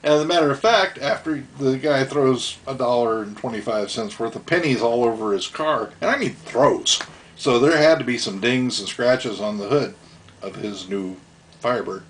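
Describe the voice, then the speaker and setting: A man's voice: medium pitch, moderate pace, a little hiss or hum. Rambling middle-aged male storyteller. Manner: rambling, chuckling, acts out voices. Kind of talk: casual storytelling.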